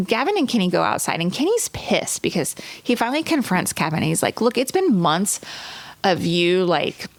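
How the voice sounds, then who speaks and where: A woman co-hosting a podcast, blunt and opinionated in casual chat and quick to laugh. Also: on the low side, very animated, dry recording. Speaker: podcast co-host. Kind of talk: casual chat recapping a reality show.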